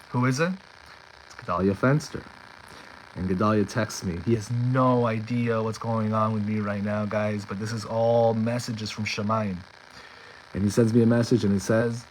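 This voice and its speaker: A man's voice: mid-range voice, a little hiss or hum, low-quality recording. Earnest man telling a personal story. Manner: earnest, repeats words and phrases when stirred. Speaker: storyteller sharing a personal journey.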